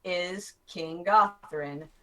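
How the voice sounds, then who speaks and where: A woman narrating as game master in a tabletop game, lively and quick to act out townsfolk. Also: lowish voice, poor audio.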